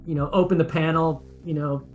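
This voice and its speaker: A man's voice: on the high side, fairly even intonation, a little fast, darkish tone, soft background music. Easygoing man playing a tabletop game. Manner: easygoing, hesitant. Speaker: player. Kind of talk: casual tabletop game chat.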